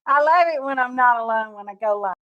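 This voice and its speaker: A woman's voice: on the high side, quick pace, muffled recording. A woman hosting a crafting livestream, chatty and folksy, sounding sleepy and tired while she greets viewers by name. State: sleepy, yawning. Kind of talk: casual livestream chat. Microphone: camera mic.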